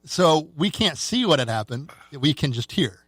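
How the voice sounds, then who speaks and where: A man who is a film director and guest on a podcast, telling an animated behind-the-scenes anecdote in casual chat. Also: on the high side, moderate pace, husky, dry recording.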